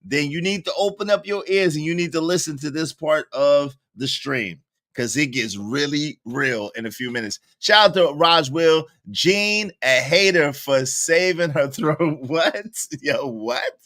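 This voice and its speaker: A man's voice: a little high, a little slow, fairly bright tone. A man hosting a livestream, talking straight to his viewers in a loose, slangy, casual way. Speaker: livestream host.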